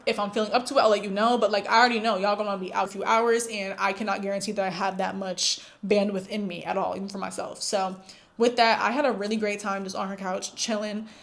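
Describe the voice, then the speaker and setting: A woman's voice: mid-range voice, flat delivery, fast. A young woman telling a candid, chatty story to her viewers in a casual vlog. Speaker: vlogger.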